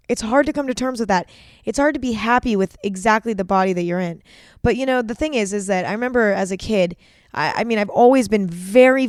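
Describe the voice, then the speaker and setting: A young woman hosts a solo podcast, speaking frankly and confessionally, swearing freely and saying "like" a lot. Her mid-range voice is clear and resonant, recorded at studio quality with no room sound.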